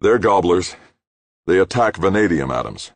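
A man with a low, creaky voice reading an audiobook, voicing an injured man who speaks weakly but urgently. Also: lively intonation, normal speed, no echo. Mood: pained. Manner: weak, strained, urgent.

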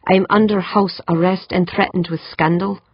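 A woman's voice: fairly low pitch, fairly even intonation, moderate pace, slightly rough, no echo. A woman voicing a grumbling, skeptical older male community director in an audiobook. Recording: dull, muffled dry recording.

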